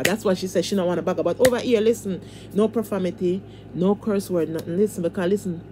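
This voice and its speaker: A woman's voice: on the low side, fast talker, noisy background. A woman hosting a casual livestream, talking in a fervent, repetitive, preacher-like way and pleading with her viewers. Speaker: livestream host.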